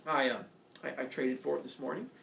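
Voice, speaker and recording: A young sun god, as a man puts him on, hesitant and mumbling with a gravelly edge. The voice carries the echo of a classroom. It is heard from across the room. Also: mid-range voice, fairly even intonation, fairly quick, fairly bright tone, far from the mic, a little hiss or hum. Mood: sheepish. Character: sheepish young male sun god trader. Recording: roomy classroom heard from afar.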